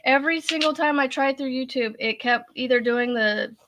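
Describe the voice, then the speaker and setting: Chatty woman host with a high, bright voice, giggling through tears, calls everyone y'all. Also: normal speed. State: laughing to tears. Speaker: crochet livestream host. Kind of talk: casual livestream chat.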